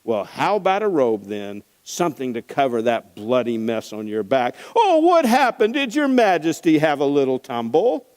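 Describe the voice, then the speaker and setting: A man's voice: medium pitch, huge pitch swings, normal speed, few pauses, a little mellow, long reverb tail. A male pastor voicing a cruel Roman soldier who sneers and taunts his prisoner with mock politeness.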